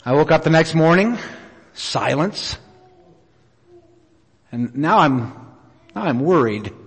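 A middle-aged man preaching a sermon, telling a personal story in an earnest, unhurried way with many pauses. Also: a little high, lively intonation, breathy edge. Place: church auditorium. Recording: reverberant hall.

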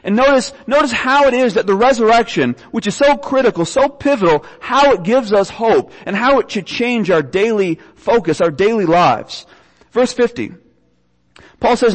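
A man's voice: high-pitched, lively intonation, moderate pace, long reverb tail, rough recording. A young man preaching a sermon, earnestly reading scripture aloud and often repeating his words. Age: young adult.

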